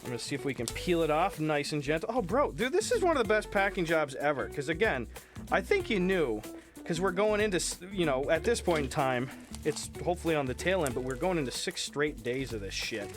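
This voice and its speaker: Lively, swearing young-sounding man streaming. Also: a little high, a little fast, music in the background. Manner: animated, swears freely, thanks viewers by name. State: sick. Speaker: streamer reading chat. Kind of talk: casual live-stream chat.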